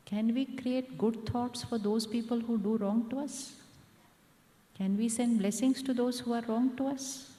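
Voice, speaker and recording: Mellow Indian woman teaching in echoey hall. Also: fairly high pitch, slow, long pauses. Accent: Indian English. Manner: calm, repetitive, asks audience questions. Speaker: spiritual teacher. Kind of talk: meditation talk to a live audience. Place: large hall at a live event. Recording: echoey hall with long reverb.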